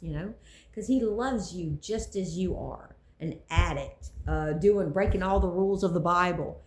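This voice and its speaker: A woman with a gravelly, mellow voice talks earnestly about her faith. She preaches in a loose, personal way and hammers points home by repeating them. The room is echoey. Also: medium pitch, normal speed.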